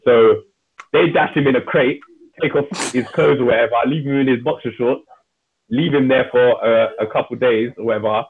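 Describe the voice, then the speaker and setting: A man, co-hosting a casual chat and retelling a TV episode in animated slang. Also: medium pitch, moderate pace, a little hiss or hum. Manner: animated storyteller acting out scenes in slang. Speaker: podcast co-host. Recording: husky voice over a tinny phone-like line.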